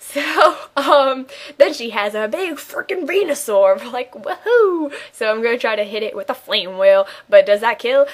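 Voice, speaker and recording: Giggly, rambling young woman gamer. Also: a little high. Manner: rambling, sarcastic, giggly, lots of ums. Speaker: let's play commentator. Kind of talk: casual gameplay commentary.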